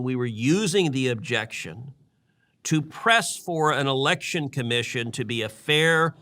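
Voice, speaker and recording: A man's voice: mid-range voice, sharp tone. A middle-aged man and podcast host recounting events in earnest conversational storytelling, often repeating words as he restarts.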